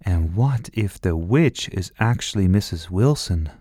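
A man voicing an imaginative, earnest young girl in a storybook reading, in a high childish voice. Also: animated, unhurried, mellow, slightly rough, no room sound, clean studio sound, full character voice.

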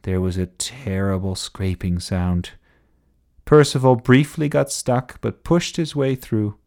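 A man reading a children's bedtime story aloud in an expressive storybook style. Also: on the low side, takes it slowly.

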